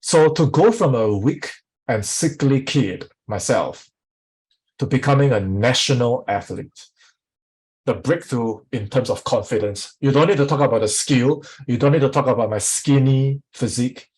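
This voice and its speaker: A man's voice: mid-range voice, normal speed, slightly rough, low-quality recording. Man coaching a live sales workshop. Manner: energetic, repeats questions to the audience.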